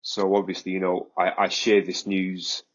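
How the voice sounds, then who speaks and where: A man, a podcast guest, recounting a story in a vivid, animated way. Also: low voice, moderate pace, dull audio. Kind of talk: casual storytelling.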